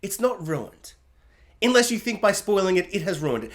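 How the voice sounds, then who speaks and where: A man's voice: high-pitched, big pitch swings, normal speed. A man ranting animatedly in a solo video film review, exasperated and self-mocking, often laughing at himself. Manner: laughs at himself mid-rant.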